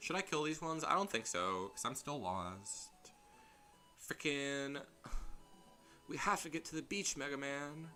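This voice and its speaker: A man's voice: a little high, animated, unhurried, long pauses, bright, forceful tone. A young man casually commentating a game on stream, chatty and rambling, laughing at himself as he goes. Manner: rambling, chatty, self-deprecating with frequent laughs. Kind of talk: casual let's-play commentary. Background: faint game music.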